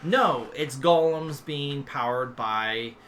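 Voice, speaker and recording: A man's voice: medium pitch, slow pace. A man narrating a tabletop game as game master, loose and chatty. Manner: loose, chatty, with sudden loud character outbursts. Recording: faint background noise.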